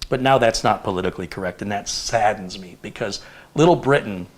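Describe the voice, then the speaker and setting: A man in his fifties hosting a casual live chat, telling stories in an animated, rambling way with lots of fillers. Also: lowish voice, a little fast. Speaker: host.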